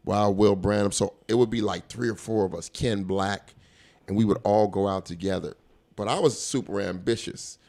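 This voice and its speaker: A low-pitched man tells stories in a relaxed interview. He talks like a stand-up comedian, acting out the people in his stories. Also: moderate pace, creaky. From Colorado. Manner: animated storyteller, acts out quoted voices, laughs often. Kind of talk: casual storytelling interview.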